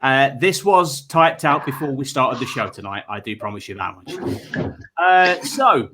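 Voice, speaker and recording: A man hosting a comedy panel show, chatting casually and reading out questions in a wry, measured way. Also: mid-range voice, animated, background noise.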